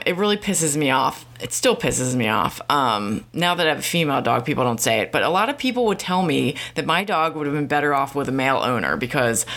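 Woman vlogger, low voice, venting in a rambling, profane, irritated rant. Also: fairly bright tone. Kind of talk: casual ranting monologue.

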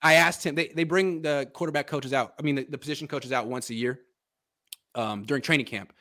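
A man's voice: mid-range voice, fairly quick, pushed and bright. A man hosting a casual sports podcast, animatedly breaking down football film and chatting with his father. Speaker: podcast host.

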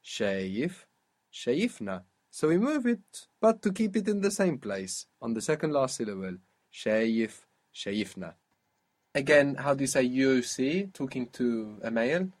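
A man's voice: medium pitch, sing-song, moderate pace, few pauses, a little mellow. A man teaching an Arabic lesson, patiently quizzing a student and modelling how words are pronounced. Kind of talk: spoken language lesson.

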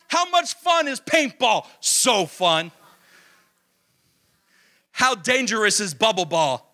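Male pastor, high and bright, emphatic sermon delivery with call-and-answer questions. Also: very animated, takes it slowly, long pauses. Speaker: preacher.

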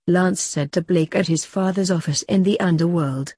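A woman reads a story aloud in a brisk, matter-of-fact manner. Her voice sits low, mellow and a little husky, recorded close and dry. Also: no echo. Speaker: narrator. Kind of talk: storybook reading.

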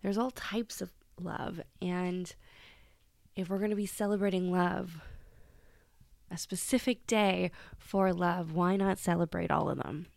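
Low gravelly-voiced woman podcast host. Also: steady tone, a little slow, darkish tone, no room sound. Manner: chatty, laughs at herself, reads quotes aloud. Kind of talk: casual solo podcast.

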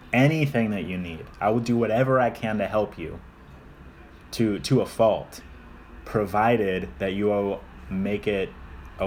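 A man's voice: fairly low pitch, slight background noise. A young man co-hosting a casual podcast chat, talking in long rambling stretches with frequent restarts. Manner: rambling, repeats and restarts, self-deprecating. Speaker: podcast co-host.

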